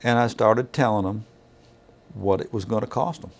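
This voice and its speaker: A man's voice: fairly low pitch, normal speed, vocal fry. A middle-aged man working as a weigh station inspector, telling stories in a folksy, casual way and acting out the dialogue. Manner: folksy, acts out dialogue in others' voices. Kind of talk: casual storytelling.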